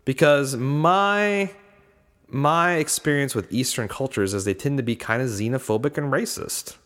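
A man's voice: mid-range voice, normal speed, fairly bright tone, in a large hall. A man in casual chat, talking in a rambling way with many fillers and restarts.

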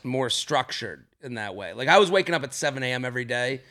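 A man in his thirties hosting a podcast, chatting casually and riffing with quick joke impressions. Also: mid-range voice, expressive, pushed and bright. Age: 30s. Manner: jokey, riffs with quick impressions of people. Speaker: podcast host. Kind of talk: casual chat.

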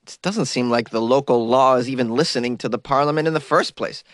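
A man's voice: medium pitch, fairly quick, no room sound. A man with a cold reading news items aloud and mocking them in wry comic commentary. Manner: wry, mocking asides between read-outs. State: has a cold. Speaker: host.

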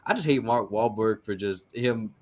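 A man's voice: on the low side, normal speed, a little mellow. A man who is a guest on a podcast, chatting casually in a rambling way, swearing and stammering through restarts.

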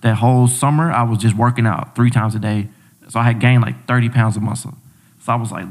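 A man's voice: mid-range voice, moderate pace. A young man, a podcast guest, telling a personal story in a loose, slangy way, repeating himself and acting out what people said. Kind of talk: casual storytelling chat.

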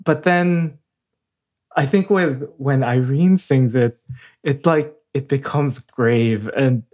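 A man's voice: mid-range voice, slow pace, darkish tone. A man co-hosting a music podcast, sharing thoughts on a song with hesitant restarts. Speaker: podcast co-host. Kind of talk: casual chat about music.

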